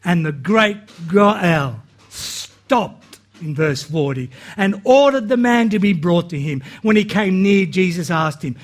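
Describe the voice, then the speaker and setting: Here a man preaches earnestly in a high-pitched, expressive voice, going slowly with hardly any pauses. Words get repeated at the start of his phrases, and he performs the Bible passages he quotes, letting his voice rise and drop.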